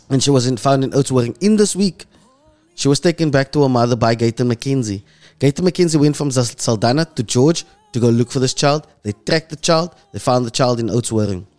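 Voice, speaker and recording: A man with a South African accent hosting an emotional commentary monologue, impassioned and dropping low and soft when moved. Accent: South African English. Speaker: host.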